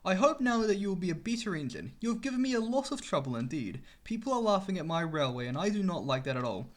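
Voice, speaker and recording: A man's voice: sits high, very animated, fast. A man doing a stern portly railway boss. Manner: stern, formal.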